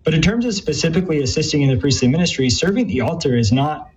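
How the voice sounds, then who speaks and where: A man's voice: a little high, lively intonation, quick pace, a little mellow, slight background noise. A man answering interview questions about ministry in an earnest, thoughtful way, with frequent fillers and restarts. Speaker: guest from a Catholic youth ministry. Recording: dull lo-fi sound.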